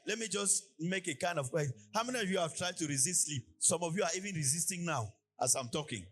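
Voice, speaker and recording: A man from Cameroon preaching a sermon in a church, with a sing-song preaching cadence and lively illustrative asides. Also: high-pitched. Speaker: pastor.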